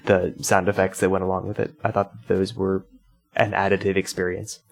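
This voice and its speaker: A man in a casual game discussion, talking in a steady, upbeat way. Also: sits low, normal speed, creaky, faint music behind. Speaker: podcast panelist.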